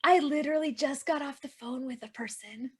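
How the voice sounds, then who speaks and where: High-voiced earnest woman, animated. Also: brisk. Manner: earnest, emotional, chatty with many restarts; animated, addresses listeners directly. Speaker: podcast guest, online entrepreneur. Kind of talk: casual interview chat.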